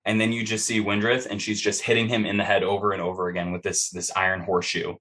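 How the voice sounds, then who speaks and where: A man's voice: on the low side, little pitch movement, fast, a bit bright. A man running a tabletop game as game master, narrating a scene in vivid, profane, rambling fashion with many fillers.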